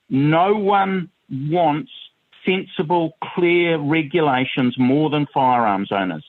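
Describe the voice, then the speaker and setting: Emphatic man on a tinny phone line. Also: on the high side. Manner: emphatic, opinionated, stressing words. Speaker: guest commentator. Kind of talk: political talk radio chat. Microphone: phone call.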